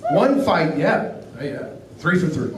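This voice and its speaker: A middle-aged stand-up comedian with a voice high for a man tells family stories on a comedy club stage, slow and deadpan, acting out the lines of the people in them. The recording is echoey and distant, with faint room noise and audience laughter.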